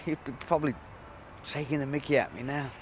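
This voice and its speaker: An actor playing a young Englishman who talks haltingly and tearfully to a lost friend, sighing between phrases. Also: medium pitch, fairly even intonation, background noise, lightly acted. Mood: grieving, scared. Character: grieving young man talking to a dead friend.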